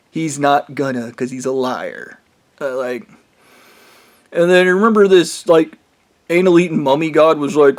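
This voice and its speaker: A man's voice pitched a little higher than usual, caught in a heated, rambling rant. He swears constantly, restarts his sentences and trails off mid-thought. His tone stays scornful and agitated throughout. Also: unhurried, long pauses. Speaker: vlogger. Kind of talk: profane angry rant.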